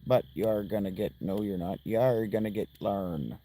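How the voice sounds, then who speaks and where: A streamer voicing a gruff party member who talks like a pirate, scolding a teammate in a drawl. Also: sits low, measured pace, mellow, slight background noise, voice pushed down.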